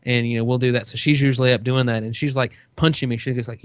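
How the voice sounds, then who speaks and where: A man's voice: medium pitch, steady tone, normal speed, smooth. A man in casual podcast chat, telling a long story with plenty of "you know" and "uh". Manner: rambling storytelling, many fillers. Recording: dull dry lo-fi sound.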